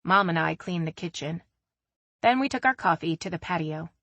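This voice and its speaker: A woman reading a first-person romance audiobook in a steady, even way. Her voice sits on the low side, and the recording is close and dry with no room sound. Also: normal speed, no room sound. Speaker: audiobook narrator.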